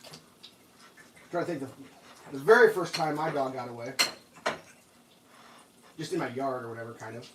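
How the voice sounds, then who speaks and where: A man's voice: medium pitch, a little slow, long pauses, background noise. A man chatting casually while cooking breakfast at home, rambling through stories and laughing at them.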